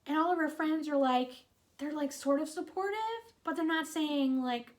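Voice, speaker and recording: A woman giving a casual, chatty movie review, retelling the plot with animated, exasperated asides and lots of "like". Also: high-pitched, moderate pace.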